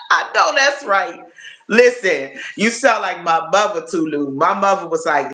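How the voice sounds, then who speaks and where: A man's voice: on the high side, normal speed, sharp tone. A man chatting casually on a live stream, rambling and repeating his words as he talks to viewers. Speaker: livestreamer. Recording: roomy echo.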